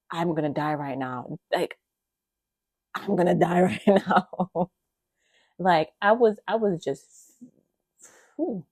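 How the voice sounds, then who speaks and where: A woman hosting a podcast, telling her faith testimony in an emotional, animated way, with gasps and many casual fillers. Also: mid-range voice, dry recording. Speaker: podcast host.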